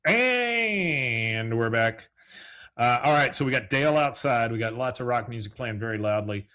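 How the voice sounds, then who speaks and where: A man's voice: mid-range voice, steady tone, quick pace, a bit bright. A man hosting a podcast solo, recapping a cartoon episode in a rambling, casual way, full of fillers. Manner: rambling, with frequent fillers and chuckles. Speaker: podcast host.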